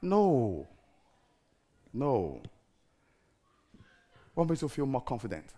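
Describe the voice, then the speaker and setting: A middle-aged man with a mid-range voice preaches slowly but in an animated, theatrical style. He fires rhetorical questions at his congregation.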